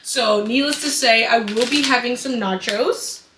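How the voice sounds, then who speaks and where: A young woman talks through a shopping haul with big dramatic reactions, her voice sitting a bit high. She is recorded a little away from the mic in an echoey room, with steady noise in the background. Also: measured pace. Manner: dramatic, excitable, chatty. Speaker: vlogger. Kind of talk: casual haul vlog.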